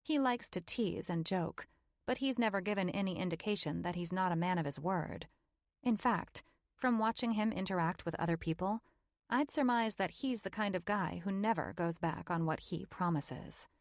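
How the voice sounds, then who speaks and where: A woman's voice: fairly low pitch, normal speed, dry recording, studio quality. A woman narrating a first-person romance audiobook in a wry, playful storytelling manner.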